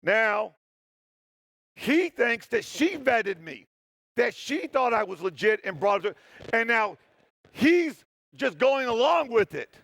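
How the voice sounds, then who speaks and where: Man, conference talk on stage, animated storytelling, self-deprecating jokes, gravelly, dry close sound. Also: extremely high pitch, takes it slowly, long pauses, dry recording. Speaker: security tester giving a talk. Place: stage in a hall.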